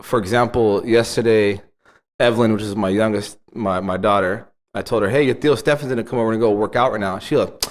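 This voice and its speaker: A man's voice: on the low side, fairly quick. A man in his thirties, a podcast co-host, telling family stories in casual chat and laughing often. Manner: animated storytelling, laughs often.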